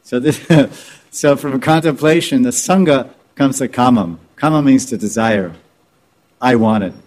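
A man's voice: mid-range voice, normal speed, darkish tone. A man teaching scripture informally, repeating and restarting words as he explains terms. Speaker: spiritual teacher.

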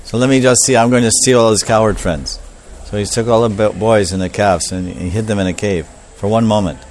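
A man's voice: fairly low pitch, steady tone, brisk, a little mellow, slight background noise, close to an everyday voice. A man voicing a proud male creator god who muses aloud to himself in a sermon story. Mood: musing.

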